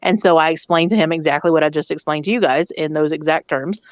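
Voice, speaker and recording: A woman's voice: deep voice, fast talker, no room sound, lo-fi sound. A woman who works as a hotel district manager, telling a blunt, profane story about a rude guest in a casual rant. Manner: blunt, profane, animated retelling.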